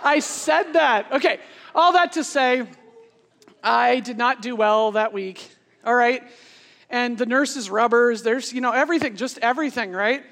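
A woman in her forties telling a funny personal story in a sermon, animated and laughing as she goes. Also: on the high side, a little slow. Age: 40s. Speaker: speaker. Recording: long hall reverb.

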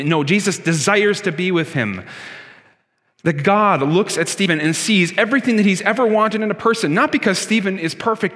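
A man's voice: a little high, fairly bright tone, big-room sound. A man preaching a sermon as pastor, earnest and emphatic, driving his points home with rhetorical questions.

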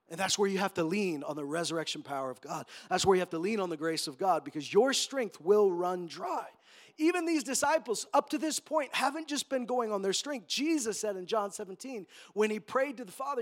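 A man preaching a sermon in an animated way, acting out the quotes with joking asides. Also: sits high. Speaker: pastor.

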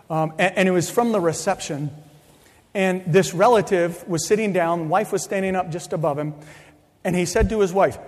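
A middle-aged man preaching a sermon as pastor, speaking deliberately and emphatically and repeating his key points. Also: on the high side, darkish tone. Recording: long reverb of a large hall.

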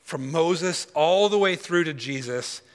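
A man giving a sermon as a guest speaker at a conference, reading scripture aloud with emphatic pauses. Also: a little high, expressive, big-room sound. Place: conference hall.

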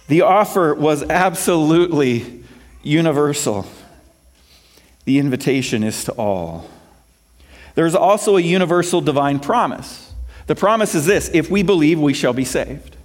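A man's voice: a little high, lively intonation, moderate pace. A male pastor preaching a sermon, quoting scripture and asking the congregation questions as his emphasis rises and falls.

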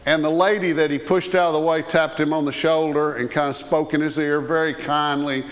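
A man preaching in a slightly higher-than-usual voice, talking to his congregation in an easy, conversational way. He checks in with them often. The sound carries a long reverb, as in a large church sanctuary. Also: level tone, fairly quick. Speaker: pastor. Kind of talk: sermon.

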